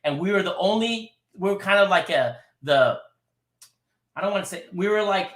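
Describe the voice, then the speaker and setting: Bright, high-voiced caller in an echoey room. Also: male voice, normal speed. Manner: rambling, animated, laughs while talking. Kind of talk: casual sports talk.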